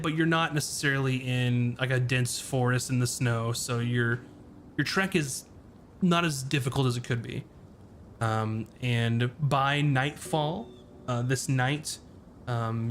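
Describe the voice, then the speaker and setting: A man's voice: mid-range voice, slight background noise. A man running a tabletop game as game master, describing scenes with frequent ums and uhs.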